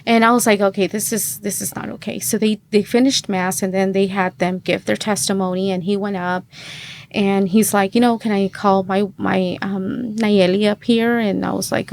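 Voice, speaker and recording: A woman in her thirties shares a personal testimony as a podcast guest, chatty and full of fillers, acting out the dialogue she quotes. Her mid-range voice is gravelly and darkish, fairly even in intonation, at a moderate pace with slight background noise.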